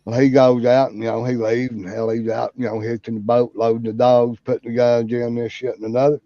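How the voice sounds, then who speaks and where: A man's voice: medium pitch, level tone, fairly quick, dark tone, dry recording, lo-fi sound. A man hosting his channel, chatting in a rambling, profane way and telling off-color jokes. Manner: rambling, drawling, heavy cursing. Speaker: channel host. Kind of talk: casual profane chat and joke telling.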